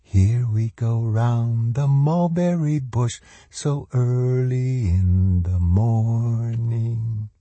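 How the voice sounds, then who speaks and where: A man's voice: high voice, drawn-out words, vocal fry, a little mellow, breathy edge, no echo, voice pushed up, exaggerated voice. Man doing a sing-song child-voiced demon. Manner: merry sing-song rhythm. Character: evil shapeshifting male demon singing like a boy.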